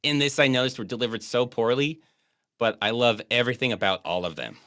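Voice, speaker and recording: A man's voice: mid-range voice, fairly quick, fairly bright tone, no echo, studio quality. A man co-hosting a movie commentary podcast, chatting casually, joking and rambling, often laughing. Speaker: podcast co-host.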